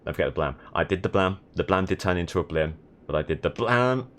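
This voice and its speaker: A man's voice: deep voice, animated, fast, a bit bright, slight background noise. A young man from the south of England chatting casually while streaming a driving game, with dry, sardonic commentary. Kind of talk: casual gaming stream chat.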